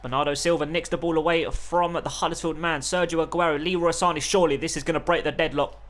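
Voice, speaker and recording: A young man giving live play-by-play commentary on a football video game, swinging between calm narration and loud, excited outbursts. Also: a little high, fairly quick, hardly any pauses. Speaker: gaming YouTuber.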